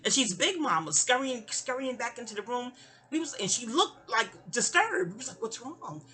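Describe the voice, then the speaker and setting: A woman's voice: fairly high pitch, sing-song, normal speed, bright, forceful tone. A young woman casually telling a personal story, chatty and digressive, often trailing off into asides. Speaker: audio diarist.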